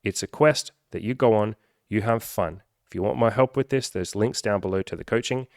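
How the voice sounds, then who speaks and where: A man with a fairly low voice talks straight to the camera as a coach. His delivery is animated and profane, and he slips into quick put-on voices of the people he describes. The sound is dry and close, with no room echo. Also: vocal fry. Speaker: self-improvement coach. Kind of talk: casual direct-to-camera vlog.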